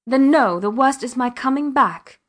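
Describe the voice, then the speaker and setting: A woman reading the lines of a distraught, resigned wife who speaks quietly and falteringly. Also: high-pitched, expressive, normal speed, voice pushed up. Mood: weary.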